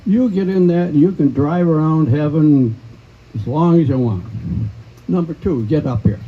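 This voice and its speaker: An elderly man voicing Saint Peter as a stern, questioning gatekeeper of heaven, in a deliberate way. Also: on the high side, slightly rough, phone-quality sound.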